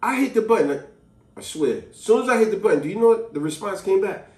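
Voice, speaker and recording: A man vlogger tells a story in an emphatic, chatty way. His voice rises and falls with feeling and sits a little high for a man. The sound is roomy and distant. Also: fast talker. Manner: animated, emphatic, conversational. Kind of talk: storytelling to camera. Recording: echoey room, distant mic.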